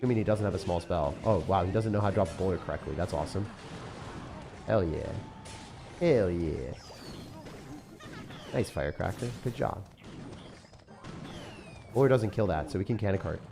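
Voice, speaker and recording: Excitable man streaming a game, lowish voice. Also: a little fast, creaky, pauses often, music in the background. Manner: excitable, laughs often, chatty with chat. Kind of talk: live-stream gameplay chat.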